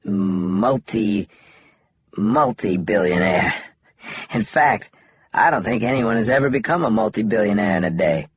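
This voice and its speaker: A man reading a laid-back, joking husky guy. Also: fairly low pitch, measured pace. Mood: relaxed, wry. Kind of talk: audiobook dialogue.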